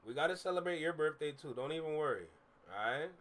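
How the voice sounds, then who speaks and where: A man's voice: on the high side, animated, fast talker, fairly bright tone. A young man streaming from his room, chatting candidly and rambling with fillers as he reacts to music. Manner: candid, rambling, repeats himself with frequent fillers. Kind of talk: casual live-stream chat.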